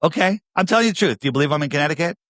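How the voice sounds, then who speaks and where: A man's voice: on the high side, lively intonation, rapid-fire, a bit bright, no room sound, clean studio sound. A man with a New York accent, a podcast guest talking emphatically, repeating himself and firing rhetorical questions. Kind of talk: casual interview talk.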